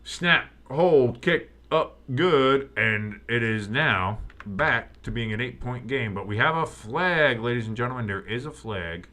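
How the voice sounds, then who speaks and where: This man speaks in a low-leaning voice at a moderate clip, barely pausing as he streams a live game. He cracks jokes, rises with the big moments, and chats with his audience throughout.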